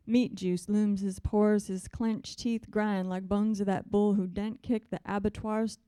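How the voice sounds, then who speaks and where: A woman's voice: medium pitch, warm tone, smooth, no room sound, close to an everyday voice. A woman voicing a bitter, weary butcher's wife in a Southern accent, reading in a raw, intense way. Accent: American Southern. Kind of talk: dramatic poetry reading.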